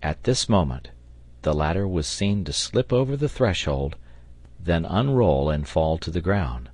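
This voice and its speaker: A man narrating an audiobook in a steady, even storytelling manner on a close mic. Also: low voice, a little slow, dry recording. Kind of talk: scripted narration.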